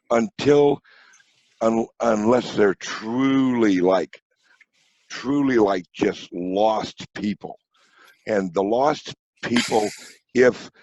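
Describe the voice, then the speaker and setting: A man's voice: on the low side, a little mellow, breathy edge, no room sound, highs cut off. A middle-aged man from St. Louis telling blunt, profane stories in a casual podcast chat. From St. Louis, USA. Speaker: podcast guest.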